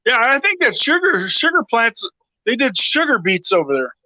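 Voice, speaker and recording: High bright-voiced man chiming in. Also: very animated, moderate pace, no echo. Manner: brief agreeing interjections.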